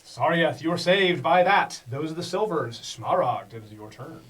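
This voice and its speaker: An animated man narrates a tabletop game as game master, his voice pitched a little high and laughing often. He sits somewhat back from the mic, so the sound is a touch distant. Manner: animated, laughing, quick restarts. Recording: voice slightly far from the mic.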